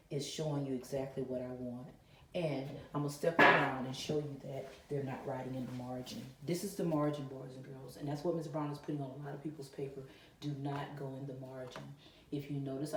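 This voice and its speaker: A woman's voice: a bass voice, noisy background. A woman teacher giving a virtual lesson to kindergarten and first graders, encouraging them and asking them questions. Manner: encouraging, talks directly to children with questions. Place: classroom. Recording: echoey room, voice a bit far from mic.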